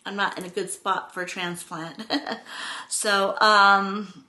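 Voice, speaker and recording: A middle-aged woman vlogging, telling a personal story in a rambling, expressive way. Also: medium pitch, takes it slowly. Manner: rambling, expressive, acts out quotes with exclamations.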